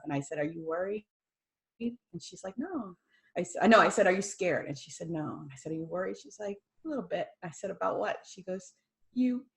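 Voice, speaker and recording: A middle-aged woman, a former nurse, tells an emotional personal story. She laughs through tears and quotes the people in it as dialogue. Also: lowish voice. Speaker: guest sharing a personal testimony.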